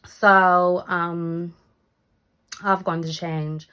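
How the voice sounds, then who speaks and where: A woman's voice: on the low side, very slow, smooth. A young woman telling a casual storytime vlog, acting out the voices in her story and swearing freely. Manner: animated, acts out quoted lines, swears casually. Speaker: storytime vlogger.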